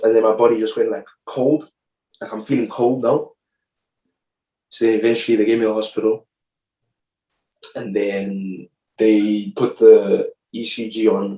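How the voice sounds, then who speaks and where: A young man from Zimbabwe tells a story on a podcast, rambling and peppering his talk with "like" and "bro". His voice sits low with little rise and fall. He sounds distant from the mic in an echoey room. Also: flat delivery, moderate pace, warm tone. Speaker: rugby player, podcast guest. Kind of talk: casual storytelling.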